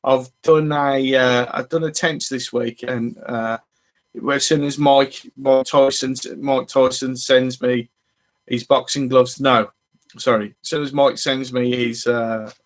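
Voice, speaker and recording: Brief: male host, mid-pitched voice, rambling and friendly live-stream chat. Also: steady tone, takes it slowly. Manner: rambling and chatty, greeting viewers as they arrive. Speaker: fishing channel host.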